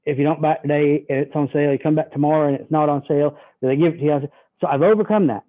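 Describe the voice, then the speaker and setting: A man coaching a sales team, talking in a folksy, animated way as he walks through a pitch to a customer. His voice sits a little high, and the recording sounds thin and tinny, like a phone line. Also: racing. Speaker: sales trainer. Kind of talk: sales training demonstration.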